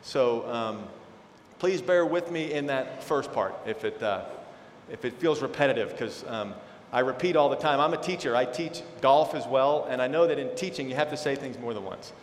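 A man teaching from the Bible to a congregation in a relaxed, conversational way, with self-deprecating asides between readings. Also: medium pitch, normal speed, a little hiss or hum. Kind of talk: sermon with scripture reading. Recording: echoey hall, faint ambience.

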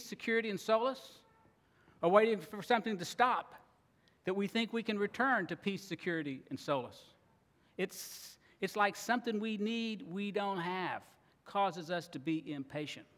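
A man preaching a sermon, earnest and expressive, now and then acting out grumbling voices. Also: high voice. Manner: earnest, acts out grumbling voices, laughs at times. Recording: long reverb of a large hall.

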